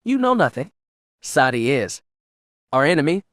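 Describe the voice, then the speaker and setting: A man's voice: a little high, very animated, normal speed, a bit bright, no room sound, studio quality. A man voicing a volatile, proud woman Sith lord with a Dramenkos accent who snaps out heated outbursts. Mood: defiant.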